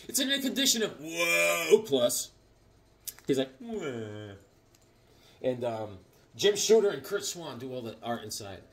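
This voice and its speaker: A middle-aged man hosting a casual vlog, rambling and joking as he shows comic books and tells stories. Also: a little high. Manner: rambling, jokey, animated, acts out voices. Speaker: comic book collector host.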